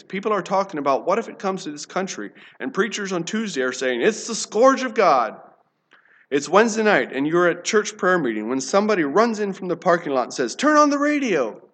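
A man with a fairly high voice tells a sermon illustration with dramatic pacing. He swings between urgent passages and sudden hushed, slowed lines. The delivery stays intense and vivid throughout. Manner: dramatic, sudden drops to a hush, slows for emphasis. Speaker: preacher.

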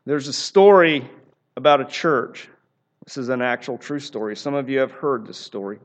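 A man's voice: medium pitch, moderate pace. A man preaching a sermon in an earnest, emphatic way, often repeating phrases for emphasis. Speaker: pastor.

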